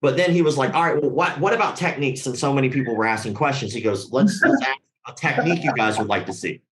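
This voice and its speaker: A man's voice: mid-range voice, quick pace, echoey room, background noise. A man telling a story casually and with lots of swearing, acting out the voices of the people he quotes. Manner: animated, profane, acts out quoted voices.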